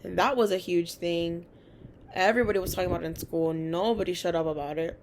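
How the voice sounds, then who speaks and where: Speaking fast in a lowish voice, a young adult woman who is a college student chats casually about her own school stories. There is slight background noise. Fillers pepper her talk, and she quotes others in an animated way.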